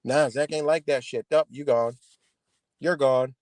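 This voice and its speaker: A man's voice: mid-range voice, fairly even intonation, moderate pace, a little mellow, dry recording. Profane, heated man ranting live. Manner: profane, confrontational, repetitive. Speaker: livestream host. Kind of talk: heated livestream rant.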